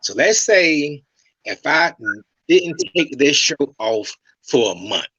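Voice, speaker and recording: Husky, bright-voiced male stylist explaining. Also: on the high side, very animated, slow, no echo, dull audio. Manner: storytelling, repeats himself, checks in with "okay?" and "right?". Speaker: master stylist guest. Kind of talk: casual interview talk.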